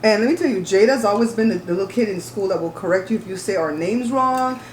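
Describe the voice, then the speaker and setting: A woman's voice: medium pitch, fast talker, slight background noise. Woman host, emphatic and outspoken, casual mealtime chat in a roomy room. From Belize. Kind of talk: casual chat while eating. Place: home, at the table. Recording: roomy echo.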